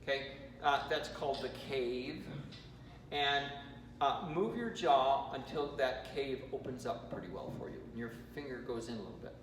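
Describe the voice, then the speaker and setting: An American man leading a choir rehearsal warm-up, giving chatty instructions with joking asides. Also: medium pitch, lively intonation, normal speed. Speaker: choir vocal coach. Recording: roomy hall, from far off, noisy.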